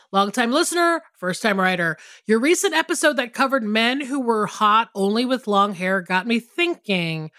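A woman's voice: mid-range voice, pushed and bright, no echo, clean studio sound. A woman co-hosting a podcast in casual chat, laughing often and reading out a listener email. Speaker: podcast co-host.

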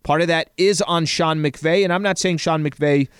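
A male sports radio co-host who speaks in a measured, conversational way. His voice is smooth and resonant, and it sounds dry and close to the mic. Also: a little high, steady tone, no echo.

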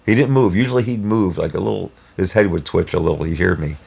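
A man telling a personal story in a rambling, halting way with many restarts. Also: low-pitched, gravelly, darkish tone, breathy edge. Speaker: storyteller guest. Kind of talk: casual spoken storytelling.

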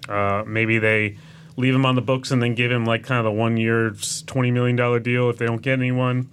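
A man's voice: mid-range voice, flat delivery, a little fast, a bit bright, a little hiss or hum. A man on a casual sports podcast, talking through trade details at length with plenty of fillers.

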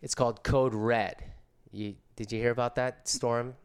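Middle-aged man, easygoing surfer storyteller, smooth resonant voice. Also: medium pitch, fairly even intonation, moderate pace. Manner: laid-back, slangy surfer talk. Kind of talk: casual storytelling.

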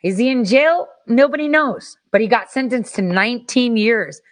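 Brief: woman host, somewhat high voice, heated and profane commentary, hammers points by repetition. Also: animated, normal speed. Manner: profane, heated, repeats herself. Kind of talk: angry political commentary.

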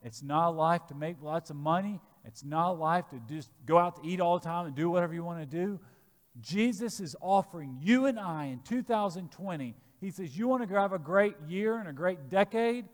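A man preaching a sermon, slow and emphatic, with sudden loud stresses. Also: on the high side, animated, long reverb tail. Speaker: pastor.

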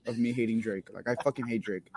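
A man with a mid-pitched voice ranting bluntly on a sports podcast. He swears hard and talks in a casual way. The recording is dry and close. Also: steady tone, quick pace, darkish tone, dry recording. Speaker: podcast co-host.

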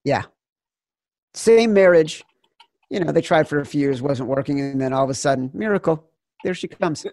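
Fired-up, swearing sports betting host. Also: male voice, a little high, expressive, moderate pace, vocal fry, a little mellow, dry recording, studio quality. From Chicago suburbs, US. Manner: fired up, profane, rambling. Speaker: podcast host. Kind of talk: casual sports betting chat.

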